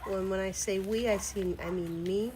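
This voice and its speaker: A woman streamer chatting casually to her viewers while gardening outdoors, excitable and quick to swear. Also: medium pitch, noisy background. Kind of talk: casual gardening vlog chat. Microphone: camera on a tripod.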